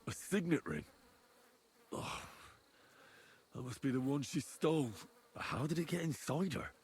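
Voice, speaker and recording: A man's voice: a little high, very animated, a little slow, a little mellow, a little hiss or hum. A man voicing a young medieval investigator in a video game, thinking aloud in a grim, wondering way. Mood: alarmed. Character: young male medieval investigator examining a body.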